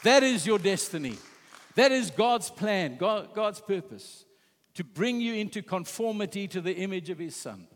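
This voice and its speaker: A man's voice: high-pitched, sing-song, normal speed, big-room sound, some chatter behind. A man preaching a sermon with passion, retelling scripture and quoting its figures. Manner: impassioned, retelling scripture with quoted voices.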